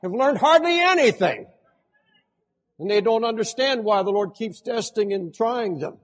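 An older man preaching a sermon as pastor, swinging between loud impassioned outbursts and hushed pleading. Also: high voice, lively intonation, moderate pace, in a large hall.

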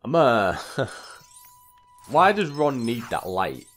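A man's voice: medium pitch, sing-song, takes it slowly, fairly bright tone. A young man giving casual, chatty let's-play commentary, exclaiming at the game and repeating his catchphrases. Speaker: gameplay commentator. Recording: faint game music behind.

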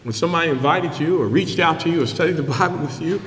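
A man preaching a sermon as pastor, emphatic and building to shouts, with call-and-response questions to the congregation. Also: a little high, fast, a little hiss or hum. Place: church sanctuary. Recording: echoey hall reverb.

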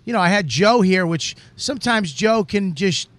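A man's voice: high-pitched, animated, normal speed, no echo. A man hosting a comedy podcast, brash and swearing, rambling through his points. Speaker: podcast host.

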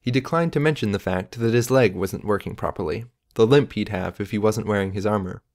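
A man reading an audiobook in measured, even scripted narration. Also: lowish voice.

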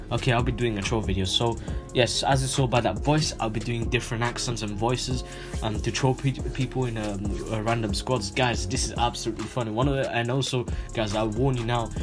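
Young profane gaming YouTuber, music behind. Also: male voice, mid-range voice, steady tone, brisk. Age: young adult. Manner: rambling, profane, filler-heavy. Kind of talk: casual video intro.

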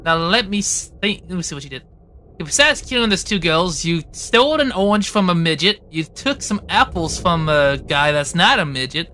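A man's voice: on the high side, animated, normal speed, pushed and bright, a little hiss or hum. A man voicing a bossy woman who runs a trial in a goofy comedy fan dub, rambling and joking as he goes. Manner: rambling, joking, breaks character. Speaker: fan dubber.

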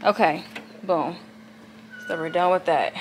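A woman's voice: on the low side, measured pace, a little hiss or hum. A woman vlogging at home at night, chatting casually to her viewers as she gets ready, recorded on a camera on a tripod. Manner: chatty, addresses viewers as y'all.

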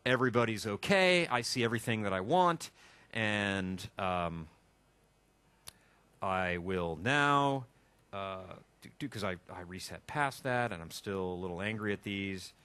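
A man runs a hands-on coding class, thinking aloud as he types and tossing in wry jokes. His pitch jumps around with animated energy. The sound is dry and close. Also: unhurried, smooth, dry recording. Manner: joking, chatty, thinks aloud while typing. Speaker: instructor. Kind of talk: live technical workshop. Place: classroom with a live audience.

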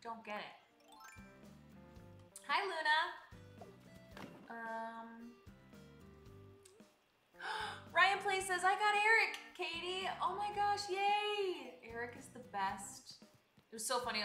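A woman's voice: fairly high pitch, pushed and bright, roomy sound. A young woman live-streaming a game, chatting casually and greeting viewers by name in a bubbly way. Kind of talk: casual live-stream chat while playing. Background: game music.

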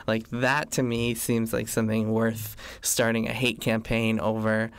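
Podcast cohost dude complaining a lot, gravelly voice, super dry close sound. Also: male voice, on the low side, completely flat delivery, a little slow, no echo. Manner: ranting, complaining, wry. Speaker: podcast co-host. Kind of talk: casual chat.

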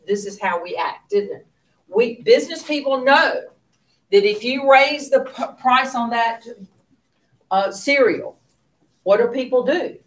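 A woman's voice: medium pitch, recorded from a distance. A woman teaching an economics lesson to a class, asking questions and dropping into near whispers for asides. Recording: roomy classroom, voice away from mic.

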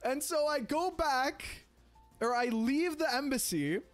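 A young man with a fairly high voice spins a rambling, animated story for his livestream, peppering it with fillers and the occasional swear. Soft music plays faintly behind him. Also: slow. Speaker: streamer.

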